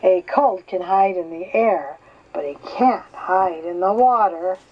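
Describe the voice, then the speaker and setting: Older woman reading a stubborn little storybook raccoon boy, excited, slow, slightly dull lo-fi sound. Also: mid-range voice. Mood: eager. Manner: excited, insistent.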